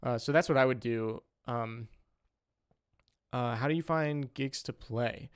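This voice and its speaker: A man's voice: medium pitch, measured pace, smooth. A young man chatting casually on a livestream as a saxophonist, rambling with lots of "like" and "um". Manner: rambling, full of "like" and "um". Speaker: saxophonist streamer.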